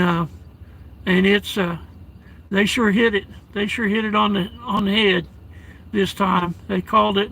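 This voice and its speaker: A man live streaming from his vehicle in a snowstorm, reading chat aloud and calling viewers darling and brother, with halting restarts. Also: high-pitched, gravelly, bright, forceful tone, rough recording. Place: inside a parked vehicle at home during a blizzard.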